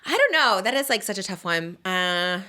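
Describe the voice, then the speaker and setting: A woman's voice: medium pitch, big pitch swings, moderate pace, pushed and bright. A woman in her thirties hosting a podcast, chatting casually in a rambling, giggly way with lots of fillers. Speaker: podcast host. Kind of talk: casual chat.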